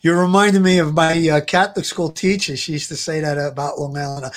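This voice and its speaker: A jokey man with a Brooklyn accent co-hosts a casual panel show. His voice sits a bit high, and he chats freely. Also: fairly quick, few pauses. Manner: jokey, chatty. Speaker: co-host.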